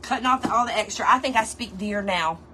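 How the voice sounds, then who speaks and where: A woman's voice: mid-range voice, a little fast, sharp tone, slight background noise. A woman hosting a casual craft tutorial, chatting playfully with her viewers as she works. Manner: playful, chatty, talks straight to viewers and chat, laughs often.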